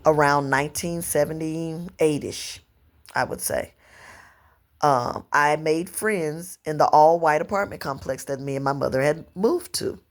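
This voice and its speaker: A woman in her fifties from Louisiana with a Southern accent, telling long personal stories to camera in an unhurried, rambling way. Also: deep voice. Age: 50s. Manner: unhurried storytelling, drawn-out phrasing, slips into dialect and quoted voices. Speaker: vlogger.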